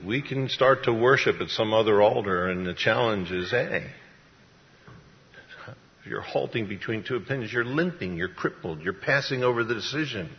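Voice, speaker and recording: A man's voice: fairly low pitch, expressive, a little fast, hardly any pauses. A man preaching a sermon as pastor, talking in a folksy, conversational way. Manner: conversational, folksy storytelling with acted-out voices. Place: church. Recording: dull, echoey church hall sound.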